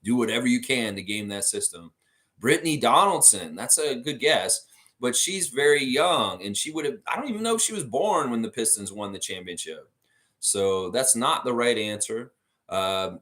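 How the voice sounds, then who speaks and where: Animated American man hosting a trivia stream. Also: mid-range voice, normal speed. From United States. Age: middle-aged. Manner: animated, reads chat comments aloud, laughs often. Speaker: trivia livestream host. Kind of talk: casual live-stream trivia chat.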